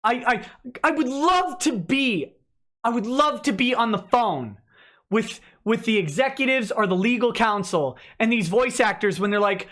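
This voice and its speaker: Sarcastic male livestream host, animated, mocking asides between chat questions. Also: very high-pitched, normal speed. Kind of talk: casual livestream commentary.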